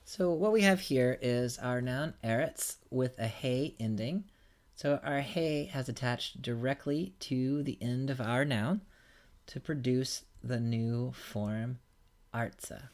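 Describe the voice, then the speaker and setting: A man delivers a recorded grammar lesson in an unhurried teaching voice. His pitch sits in an ordinary middle range, and he moves patiently from one example to the next. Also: darkish tone. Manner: patient, explanatory, stepping through examples. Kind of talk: recorded lecture.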